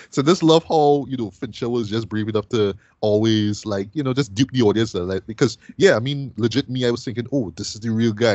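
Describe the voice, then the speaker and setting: A man's voice: mid-range voice, a little mellow, dry recording, dull audio. A man hosting a casual film review podcast, talking things through in a chatty way and tagging many phrases with "right?".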